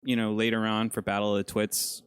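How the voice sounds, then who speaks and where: A man's voice: on the low side, monotone, a little fast, clean tone. A man co-hosting a casual film podcast, jokey and enthusiastic, often laughing. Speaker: podcast co-host.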